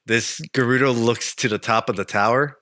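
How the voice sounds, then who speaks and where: A man's voice: medium pitch, normal speed, no room sound, studio quality. A man narrating a tabletop role-playing game as game master, telling the action with laughs. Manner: animated, laughing storyteller.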